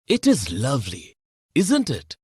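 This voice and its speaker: A woman voicing a boy in a short grammar dialogue, speaking low and reassuring. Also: wildly swooping pitch, unhurried, mellow, slightly rough, no echo, clean studio sound, heavily acted. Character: boy on a hill outing, calm and encouraging.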